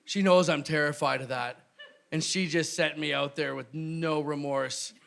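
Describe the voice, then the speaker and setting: Canadian guy doing standup, high bright voice, gets loud and animated. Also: measured pace, creaky. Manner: animated, jumps into loud shouted bits. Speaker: stand-up comedian. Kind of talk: stand-up comedy set. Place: live comedy venue with audience.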